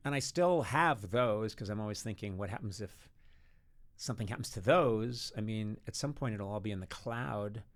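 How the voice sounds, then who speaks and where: A man's voice: fairly low pitch, lively intonation, moderate pace. A man in his sixties, a podcast guest, chatting casually and telling anecdotes, sometimes acting out other people's lines. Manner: storytelling, acts out voices of family and others. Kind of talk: casual interview chat.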